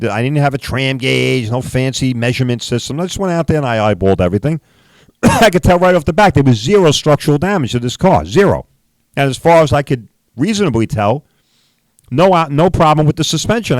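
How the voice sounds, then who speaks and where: A man's voice: medium pitch, no echo. A middle-aged man who hosts a podcast and tells a story in a profane, emphatic rant, often asking "right?". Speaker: podcast host, body shop owner.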